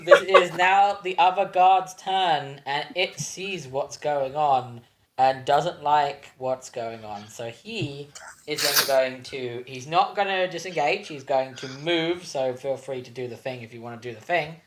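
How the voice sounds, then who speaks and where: A man running a tabletop game as game master, talking in a relaxed, rambling way, often restarting his sentences. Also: on the high side, a little slow, slight background noise. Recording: roomy echo.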